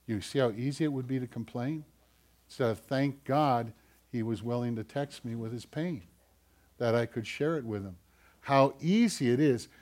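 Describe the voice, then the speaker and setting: A man preaching a sermon in an animated way, swinging between loud bursts and quiet asides. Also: fairly high pitch. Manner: animated, acts out whiny voices, swings loud and soft. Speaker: pastor.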